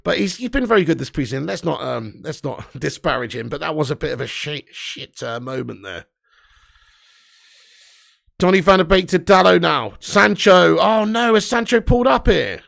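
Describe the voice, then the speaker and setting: A man's voice: fairly high pitch, lively intonation, moderate pace, creaky, fairly bright tone. A young man hosting a live football watch-along, commentating and ranting with lots of swearing. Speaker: fan watch-along host.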